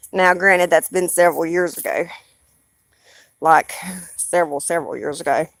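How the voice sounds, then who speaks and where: A woman's voice: fairly low pitch, no room sound. Blunt, rambling Southern woman streamer. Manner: rambling and blunt, swears freely. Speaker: live streamer. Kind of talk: casual live-stream chat.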